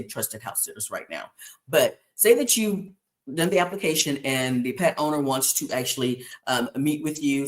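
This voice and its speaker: A man hosting a podcast, chatting casually and rambling through listener questions with many fillers, restarts and chuckles. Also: on the high side. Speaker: podcast host. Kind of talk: casual solo chat answering listener questions.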